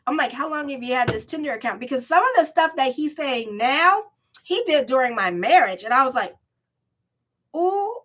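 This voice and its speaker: A woman's voice: high voice, expressive, a little fast, fairly bright tone. A middle-aged woman astrologer rambling candidly and laughing often between tarot horoscope readings. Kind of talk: casual chatty horoscope vlog.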